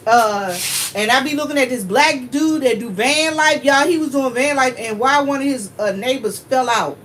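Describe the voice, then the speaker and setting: A woman with a slightly high voice speaks at a moderate pace, a store clerk vlogging from the gas station store where she works. She chats casually to her viewers in a repetitive, rambling way over an air conditioner's hum.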